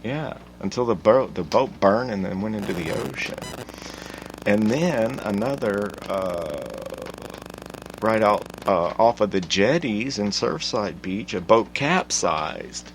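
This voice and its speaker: A man hosting his own podcast, talking in an animated, profane solo rant that swings from mutters to loud outbursts. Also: fairly low pitch, slow pace, background noise. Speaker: podcast host.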